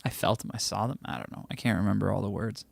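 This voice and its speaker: This American livestream host talks fast in a fairly low, creaky voice as he reads his chat's comments aloud from home. He keeps things playful and jokey, slipping into snatches of song. The audio is dry and of studio quality.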